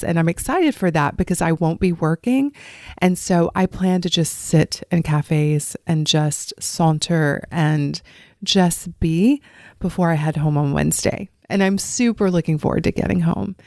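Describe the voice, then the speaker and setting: A woman's voice: fairly low pitch, normal speed, darkish tone, dry recording, clean studio sound. A woman hosting her own podcast, talking in a chatty, upbeat, personal way. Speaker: podcast host. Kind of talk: casual solo podcast talk.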